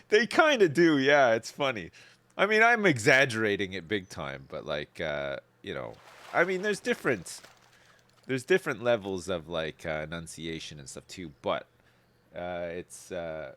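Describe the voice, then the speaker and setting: A man's voice: deep voice, very animated, moderate pace, sharp tone. A Canadian man chatting casually on a live gaming stream, rambling and laid-back, swearing freely and chuckling often.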